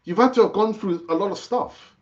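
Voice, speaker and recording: Chatty, animated man hosting football talk. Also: a little fast, highs cut off. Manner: chatty and animated, pitch jumping up when excited; rambling with frequent fillers and restarts. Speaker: football channel host. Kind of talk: casual live-stream football chat.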